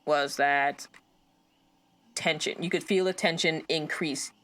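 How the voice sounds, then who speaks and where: A woman's voice: low voice, steady tone, takes it slowly, a bit bright. A woman co-hosting a podcast, chatting casually about a film, trailing off, restarting and acting out little quotes. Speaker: podcast co-host.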